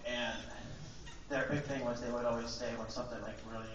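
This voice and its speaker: Young guy teacher doing standup, lots of um and like, far off mic in a boomy school hall, kinda muffled and hissy. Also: level tone, brisk. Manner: rambling, self-deprecating, full of fillers. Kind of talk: stand-up comedy set. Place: school auditorium. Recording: echoey hall from far off, dull and noisy.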